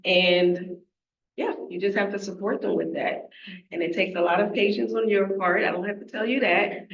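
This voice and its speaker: A woman, a toddler teacher on a parent panel, speaking in a relaxed, encouraging way. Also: mid-range voice, normal speed, gravelly. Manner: relaxed, encouraging, laughs easily. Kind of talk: conversational panel talk to parents. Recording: echoey room, muffled, faint noise.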